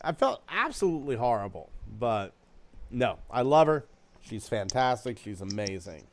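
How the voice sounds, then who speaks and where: A man's voice: medium pitch, big pitch swings. Rambling, swearing young man hosting a podcast. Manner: rambling, swears freely, quick to laugh at himself. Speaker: podcast host reading viewer comments. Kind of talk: casual podcast chat.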